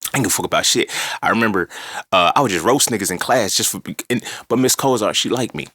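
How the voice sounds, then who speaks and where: Deep, bright-toned man talking animatedly. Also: quick pace, dry recording, studio quality. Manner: animated, profane, conversational storytelling. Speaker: podcast host. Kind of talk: casual monologue.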